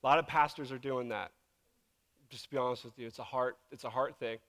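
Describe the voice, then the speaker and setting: A man's voice: medium pitch, steady tone, brisk, fairly bright tone. A man preaching as a pastor in a church, talking in an earnest, emotional and casual way full of fillers. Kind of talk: conversational sermon. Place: church sanctuary. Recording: long reverb of a large hall.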